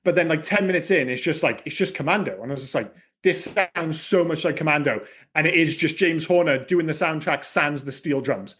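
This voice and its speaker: Chatty man, slightly high voice. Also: a little fast, few pauses, a little hiss or hum. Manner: animated, chatty, swears casually. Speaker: podcast co-host. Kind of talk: casual film podcast chat.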